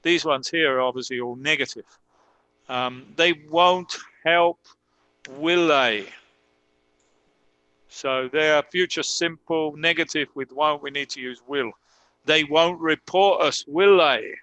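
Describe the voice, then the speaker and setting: A man teaching an online English grammar lesson, reading example sentences deliberately and correcting himself aloud as he goes. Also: fairly high pitch, sharp tone, clean tone, no echo, poor audio.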